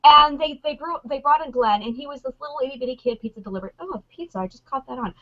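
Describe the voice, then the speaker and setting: A woman on a convention panel, chatting excitedly and acting out lines from scenes. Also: high-pitched, quick pace, muffled recording. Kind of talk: animated fan chat.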